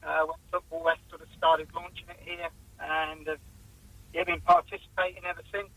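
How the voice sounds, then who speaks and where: A man's voice: a little high, little pitch movement, normal speed, creaky, sharp tone. A man calling in to a radio show, hesitant and full of fillers, speaking over a muffled phone line. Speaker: caller. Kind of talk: phone interview.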